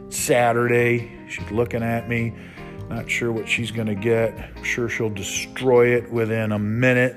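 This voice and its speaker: A man hosting a casual solo podcast, rambling and frank, swearing when he gets worked up. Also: medium pitch. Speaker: podcast host.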